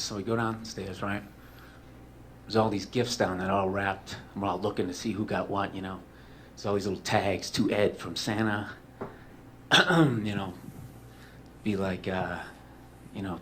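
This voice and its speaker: A man's voice: low-pitched, fairly even intonation, normal speed, a bit bright, slight background noise. A man telling a comedic personal story in a rambling, profane way, full of "like" and "you know".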